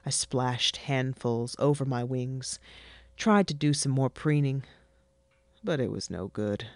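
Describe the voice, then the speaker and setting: A narrator reading a fantasy story in a wry, deadpan way. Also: mid-range voice, takes it slowly, no room sound. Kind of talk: scripted fiction narration.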